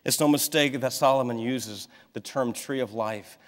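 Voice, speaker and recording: A man in his thirties preaching a sermon, telling a family story in a lively way and acting out the people in it. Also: mid-range voice, moderate pace. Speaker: pastor. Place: church sanctuary. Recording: long hall reverb in a church.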